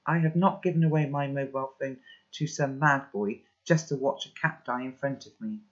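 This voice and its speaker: A man reading a children's novel aloud in a steady first-person narration, sometimes stepping out for brief spoken asides. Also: medium pitch, moderate pace. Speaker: storybook reader. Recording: dull lo-fi recording.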